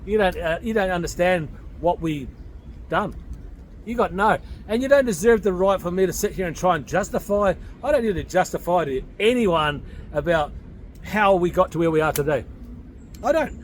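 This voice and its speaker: A high-pitched Australian man in his forties talks straight to camera in a blunt, combative rant. He speaks off the cuff and swears freely. A faint hum of background noise sits under his voice. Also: animated, moderate pace. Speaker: vlogger. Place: at home in Thailand.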